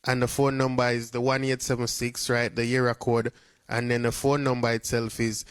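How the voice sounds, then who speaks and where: A man's voice: mid-range voice, little pitch movement, normal speed, clear, resonant tone, dry recording. A man with a Jamaican accent giving casual commentary, talking in a chatty way and dropping into patois. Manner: chatty patois, frequent "you see me". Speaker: vlogger.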